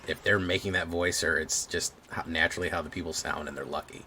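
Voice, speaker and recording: A man streaming a card game, casually muttering his plays aloud with quick exclamations. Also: sits low, fairly even intonation, sharp tone, slight background noise. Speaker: gaming streamer. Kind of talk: casual gameplay commentary.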